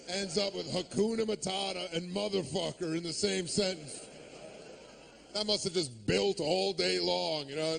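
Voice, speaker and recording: A man with a high, gravelly voice does stand-up on a club stage. He rants with biting sarcasm and bursts into shouted street voices for his bits. A faint hiss sits under his handheld mic. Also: a little slow. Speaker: stand-up comedian. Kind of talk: stand-up routine.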